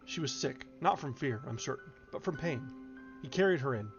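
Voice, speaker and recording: A man's voice: mid-range voice, brisk. Man reading a classic novel aloud. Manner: expressive reading with occasional slips and restarts. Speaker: audiobook reader. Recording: dull lo-fi recording with faint music.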